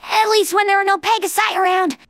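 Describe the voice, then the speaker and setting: A man's voice: very high voice, fairly even intonation, brisk, a bit bright, dry recording, studio quality, pitched above the performer's own voice. A man voicing a brash, teasing young mare pegasus in a storybook reading. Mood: cocky.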